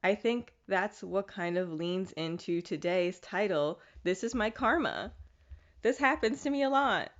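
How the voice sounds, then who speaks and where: A young woman hosting a podcast, talking casually and candidly in a self-mocking, animated way. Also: medium pitch, measured pace. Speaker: podcast host. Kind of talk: casual solo monologue. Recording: dull lo-fi recording.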